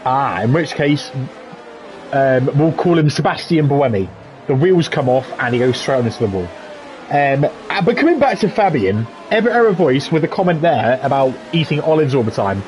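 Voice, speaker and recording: A man commentating live on a sim racing league, chatty and jokey with quick asides. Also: medium pitch, big pitch swings, a little mellow, slight background noise. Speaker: esports race commentator.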